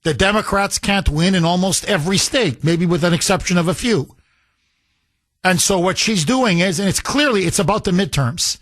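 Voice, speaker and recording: High-voiced man hosting talk radio. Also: normal speed, a bit bright. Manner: emphatic, rambling, laughs at his producer. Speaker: radio talk show host. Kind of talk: political call-in radio talk.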